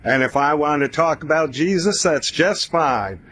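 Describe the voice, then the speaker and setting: A man's voice: a little high, unhurried, a little hiss or hum. A middle-aged man telling a personal story in a casual way, acting out the voices of the people he quotes. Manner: animated, acts out quoted voices.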